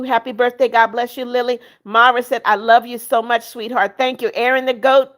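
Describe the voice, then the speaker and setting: A woman's voice: on the high side, fairly even intonation, normal speed. A woman in her seventies hosting a livestream, reading viewers' comments aloud and greeting them by name. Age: 70s. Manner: sings happy birthday softly. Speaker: livestream host. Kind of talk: casual live-chat reading.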